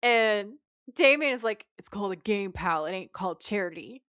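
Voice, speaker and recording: A woman co-hosts a podcast in a relaxed, chatty way, walking through an episode and reading out the characters' dialogue. Her voice sits in the middle of the female range. The sound is close and dry, with no room echo. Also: mid-range voice, normal speed. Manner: retells scenes while quoting the characters' lines. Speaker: podcast co-host. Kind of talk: casual episode recap chat.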